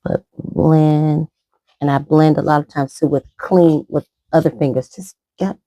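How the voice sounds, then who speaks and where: A middle-aged vlogger chats and rambles through a casual makeup tutorial while she applies it. Her low-pitched, mellow voice holds a steady tone, a little slow, with no room sound.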